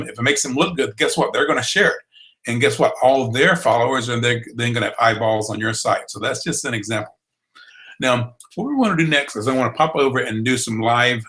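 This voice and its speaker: Bright-voiced Southern drawl instructor. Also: male voice, mid-range voice, low-quality recording. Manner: folksy, encouraging, repeats itself. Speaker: blogging course instructor. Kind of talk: online training broadcast.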